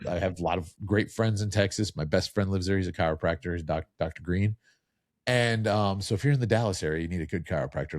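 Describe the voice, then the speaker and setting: A man's voice: fairly low pitch, a little mellow, no room sound, clean studio sound. A man hosting a podcast, chatting casually and telling jokey stories. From New Jersey. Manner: chatty, joking, storytelling. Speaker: podcast host. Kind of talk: casual interview chat.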